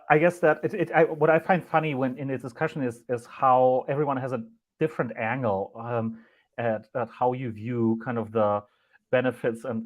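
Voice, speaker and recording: A man on an online panel speaking in a rambling way, restarting his sentences and often asking "right?". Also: medium pitch. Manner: rambling, many restarts, keeps adding "right?".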